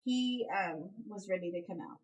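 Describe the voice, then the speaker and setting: A woman's voice: lively intonation, moderate pace, rough recording. A young woman vlogger casually telling a personal story, full of "like" and "um" fillers. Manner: chatty, many "like" and "um" fillers, reenacts quotes with high outbursts. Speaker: vlogger, new mother.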